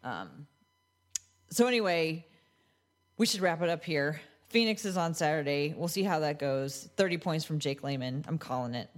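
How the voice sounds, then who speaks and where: Lower-voiced wry woman host. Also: animated, moderate pace. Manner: wry, laughs easily, steers the talk. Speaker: podcast host. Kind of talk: casual sports chat.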